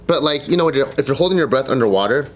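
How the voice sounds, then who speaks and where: A man's voice: mid-range voice, animated, quick pace, soft background music. A man in a casual panel chat, making crude jokes and leaning on fillers. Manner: crude joking, filler-heavy.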